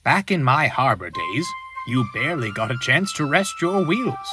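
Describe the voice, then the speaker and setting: A man's voice: mid-range voice, big pitch swings, moderate pace, over music, close to an everyday voice. A man voicing a kindly, cheerful old male engine in a storybook reading, with a reassuring manner.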